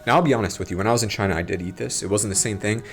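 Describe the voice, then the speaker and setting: Young man, vlog host, lowish voice, animated exaggerated disgust, chatty, faint background music. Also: rapid-fire. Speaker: YouTube host. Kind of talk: casual commentary vlog.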